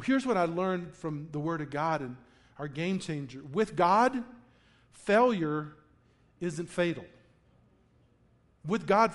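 A pastor preaching to a congregation, telling a funny story with acted-out quotes before turning to the lesson. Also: male voice, sits high. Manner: animated storyteller, acts out quotes with laughter. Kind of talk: sermon with a personal story. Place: church in front of a congregation.

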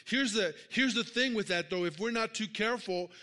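A man's voice: sits high, normal speed, bright, forceful tone. A middle-aged man preaching a conversational sermon, full of fillers and restarts, mixing a personal story with calls for amens. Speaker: pastor.

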